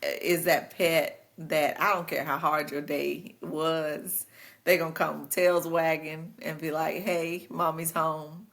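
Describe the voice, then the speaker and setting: A woman's voice: low voice, little pitch movement, slow pace, vocal fry, a bit bright. A woman co-hosting a podcast, chatting casually in a laid-back, jokey, colloquial way. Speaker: podcast co-host. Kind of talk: casual chat.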